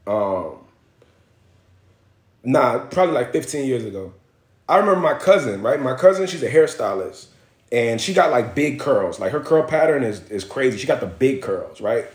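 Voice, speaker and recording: A young man from Miami talks straight into his phone on a livestream, blunt and full of swearing, his pitch sitting right in the middle. His voice bounces around a roomy, echoing space. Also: moderate pace. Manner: blunt, profane, animated storyteller. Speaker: livestream host. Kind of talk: casual livestream storytelling. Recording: roomy echo.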